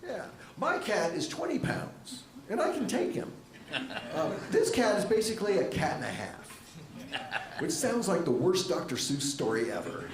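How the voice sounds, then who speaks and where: A middle-aged male stand-up comic with a dry, wry delivery, his fairly high voice leaping up and down in pitch. He is on a stage mic in a roomy comedy club, with loud laughter from the audience. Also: normal speed, crowd noise. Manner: dry, wry deadpan with lively jumps in pitch.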